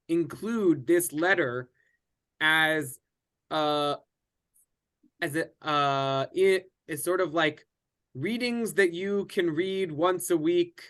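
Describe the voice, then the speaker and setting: Guy teaching a laid-back bible class, kinda high voice, lots of uhs and restarts. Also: a bit bright. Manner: conversational, many restarts and fillers.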